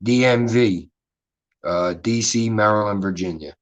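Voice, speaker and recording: A man's voice: lowish voice, unhurried, lo-fi sound. A man with a Philadelphia accent hosting a casual livestream chat, rambling and swearing freely in a laid-back way. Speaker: livestream host.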